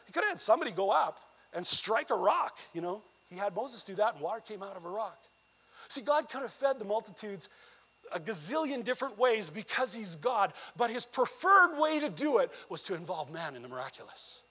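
Canadian male evangelist, high-pitched, preaching with conversational asides and emphatic near-shouted peaks. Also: sing-song, a little fast, breathy edge. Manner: conversational asides with frequent "you know". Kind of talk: sermon.

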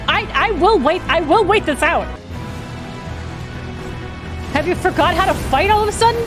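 A young woman giving let's play commentary over a video game, with loud, exasperated reactions and frequent swearing, into a home desk mic. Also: very high voice, lively intonation, moderate pace, pauses often. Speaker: gaming video creator. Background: game music.

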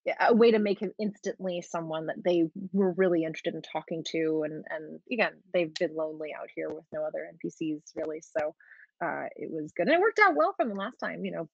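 A woman's voice: deep voice, brisk, gravelly, no room sound. Chatty woman game master on a dull mic. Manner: chatty, laughs often, restarts and trails off. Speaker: game master discussing her campaign. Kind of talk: casual talk-show chat.

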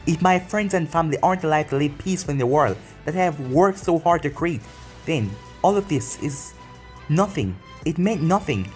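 A man voicing a proud, grieving young male emperor in a read-aloud story, in a steady reading tone. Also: fairly high pitch, a little fast, soft background music, lightly acted. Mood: intense.

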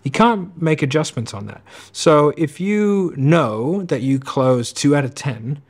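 A man giving casual commentary on sales clips, talking quickly and acting out sales calls. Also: a little high, expressive, husky. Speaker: sales coach reacting to clips.

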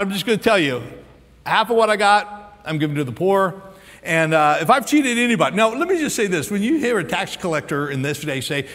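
An American man preaching a sermon as pastor, animated and acting out quotes and asides, recorded live in a large church auditorium on a stage microphone. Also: high voice, normal speed. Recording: live sermon with long hall reverb.

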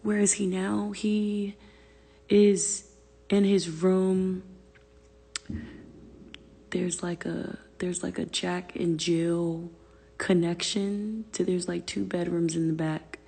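Slow, gravelly woman venting on a livestream. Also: fairly low pitch, steady tone, darkish tone, big-room sound. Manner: exasperated, profane, drops to whispered asides. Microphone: phone.

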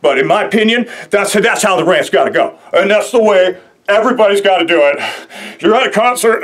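A young man hosting a show, delivering an excitable comedic rant full of rambling fillers. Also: high voice, fairly quick. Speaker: host.

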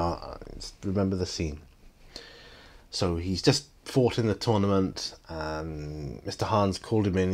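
A man with a lowish voice, hosting a solo question-and-answer vlog. He reads out numbered questions and answers them himself, casual and reflective, pausing to think. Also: darkish tone. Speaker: channel host.

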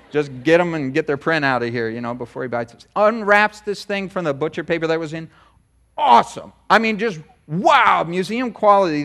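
A middle-aged man preaching a sermon, telling a personal story in a chatty, animated way with many asides. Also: high voice. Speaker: pastor. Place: church sanctuary.

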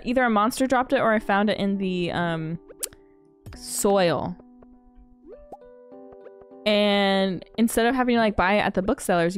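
A young woman streaming a farming game, chatting casually with her viewers, bubbly and quick to laugh. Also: medium pitch. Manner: bubbly and giggly, quoting movie lines. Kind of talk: casual gaming stream chat.

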